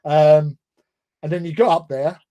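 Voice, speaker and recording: A man's voice: fairly high pitch, steady tone, unhurried, warm tone, highs cut off. An English man telling a long, self-deprecating story in casual chat on a livestream, often laughing. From England. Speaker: livestream co-host.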